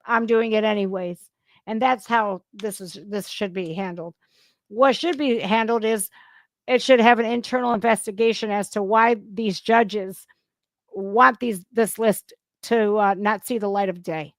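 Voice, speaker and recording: A woman's voice: medium pitch, steady tone, a little slow, dry recording, studio quality. A woman hosting a casual political reaction show, blunt and heated, swearing freely and breaking into sudden outbursts. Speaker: political commentary host.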